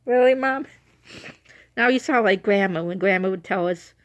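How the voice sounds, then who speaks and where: A young woman vlogger speaks casually at a medium pitch and a slightly quick pace. She rambles and corrects herself, growing emotional as she recalls her late dog.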